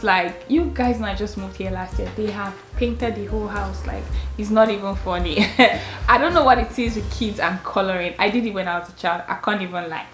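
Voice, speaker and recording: A young mother, gushing and laughing as she chats through a kids' clothing haul at home. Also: mid-range voice. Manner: chatty and gushing, laughing often. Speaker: mother and vlogger. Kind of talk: casual clothing haul chat. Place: her home. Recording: roomy sound with faint music.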